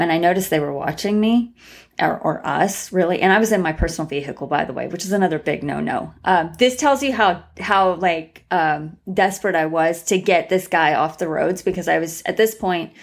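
Podcast guest: woman with a low, gravelly voice, rambling through a story. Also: normal speed. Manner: rambling, many restarts and fillers. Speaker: guest, tarot reader and former crime analyst. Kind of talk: casual storytelling interview.

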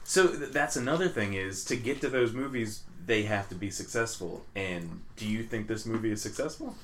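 A man of middle pitch speaks hesitantly, restarting and trailing off in a casual movie discussion. The room is echoey, with a faint hum of ambience behind him. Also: moderate pace.

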